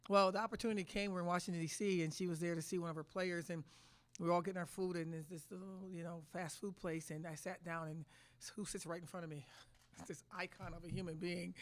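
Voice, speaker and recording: A middle-aged woman head coach answering press conference questions with emphatic, restarting speech. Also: lowish voice. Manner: emotional, repetitive restarts, emphatic.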